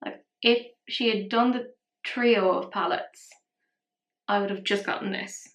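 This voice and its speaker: Steady in tone and measured in pace, her mid-range voice carries a relaxed makeup tutorial full of self-mocking jokes and chatty tangents. The recording has a roomy echo.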